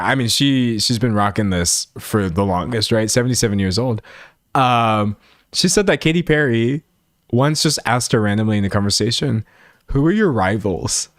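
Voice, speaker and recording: A man chatting casually on a livestream, animated and laughing often. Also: mid-range voice, no echo, clean studio sound. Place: home streaming setup in front of a pink backdrop.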